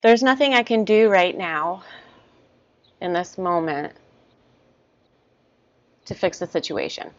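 A woman guiding an EFT tapping session, repeating short first-person statements about stress in a steady rhythm. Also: fairly low pitch, slow pace, pauses often, no room sound. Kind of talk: guided tapping, spoken affirmations. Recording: dull lo-fi sound, dry.

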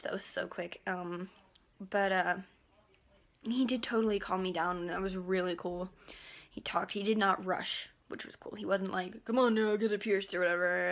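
A teenage girl vlogging in casual chat, rambling and giggling with lots of likes and ums, keeping her face still as she talks. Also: medium pitch. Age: teens.

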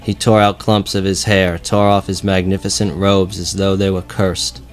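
Deep, flat-toned man narrating an epic. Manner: slow solemn reading. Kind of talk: scripted audiobook narration of an epic. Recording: faint music bed behind.

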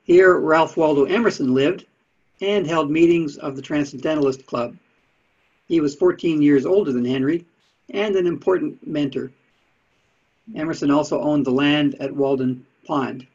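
Speaking at a normal speed, the man has a fairly high, somewhat mellow voice with a breathy edge. He presents Unitarian history in a relaxed slide lecture, chatty and full of dry asides, captured in dull lo-fi audio.

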